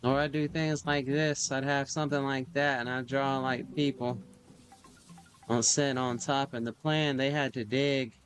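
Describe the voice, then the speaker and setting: A man's voice: medium pitch, little pitch movement, normal speed, fairly bright tone. A man hosting a livestream, rambling casually as he draws, full of fillers and sound effects. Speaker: livestream host drawing on stream. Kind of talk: casual storytelling while drawing.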